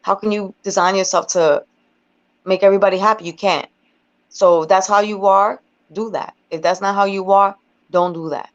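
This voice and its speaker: A woman's voice: medium pitch, fairly even intonation, normal speed. A woman rapper talking bluntly and emphatically in a casual interview, with plenty of profanity. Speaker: guest rapper. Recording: dull lo-fi recording.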